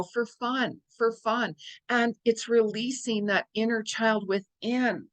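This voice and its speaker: A woman's voice: lowish voice, a bit bright, poor audio. A woman psychic medium talking casually to her viewers, rambling and chatty, and laughing often. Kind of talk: casual astrology vlog monologue.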